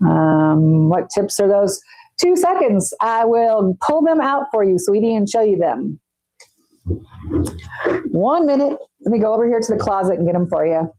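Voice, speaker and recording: Working on her nails during a live stream, a woman talks casually to her chat over a wireless mic and teases her viewers. She's a nail artist streamer with a medium-pitched, animated voice that moves at a moderate pace with few pauses. The tone is dark, and the dry recording is of poor quality.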